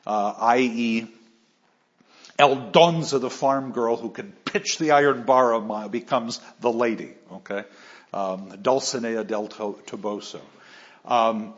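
A man giving an animated, emphatic lecture on literature, often restarting his phrases. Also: medium pitch, a little slow. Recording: slightly dull lo-fi recording.

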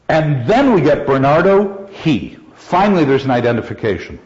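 Quick to laugh and full of energy, a man teaching literature discusses a play with his class, occasionally raising his voice to perform quotations. He speaks at a medium pitch, and the classroom audio is dull and lo-fi.

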